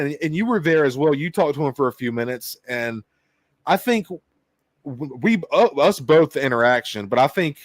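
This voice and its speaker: Casting note: man with a country twang, mid pitch, profane and rambling livestream host, dry close mic. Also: no room sound. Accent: Southern US country twang. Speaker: show host. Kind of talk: casual livestream chat.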